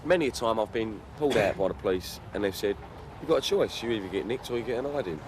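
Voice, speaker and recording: A football supporter telling blunt stories and acting out what others said. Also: male voice, lowish voice, animated, quick pace. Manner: blunt, storytelling, acts out quotes. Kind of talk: telling an anecdote in an interview. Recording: street noise outdoors.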